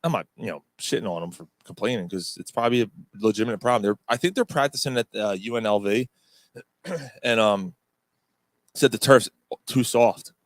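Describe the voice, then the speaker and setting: A man's voice: fairly low pitch, lively intonation, moderate pace, no room sound. A man co-hosting a casual sports podcast, talking in a profane, rambling, opinionated way. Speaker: podcast co-host.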